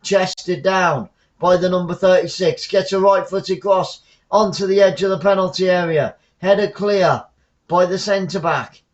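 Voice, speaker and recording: Excitable Southern English football commentator. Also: male voice, high-pitched, unhurried, lo-fi sound. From England. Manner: excitable, shouts on goals, chatty asides. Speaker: fan commentator.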